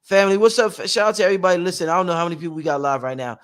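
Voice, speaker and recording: High-voiced man ranting on a livestream. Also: racing, clean tone. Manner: animated, preachy, laughs often. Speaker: livestream host. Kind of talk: casual livestream monologue. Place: at home.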